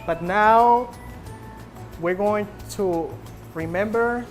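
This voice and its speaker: A woman English teacher in a classroom, slowly repeating prompts and drilling her students. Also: mid-range voice, soft background music. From Nicaragua.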